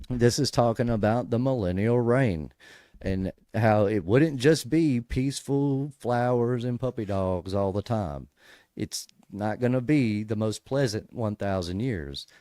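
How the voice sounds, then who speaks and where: Male host for a casual Bible study, lowish dark voice, dry close sound, restarts often and then pushes hard on key points. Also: animated, unhurried, no room sound. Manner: conversational, many restarts, emphatic bursts.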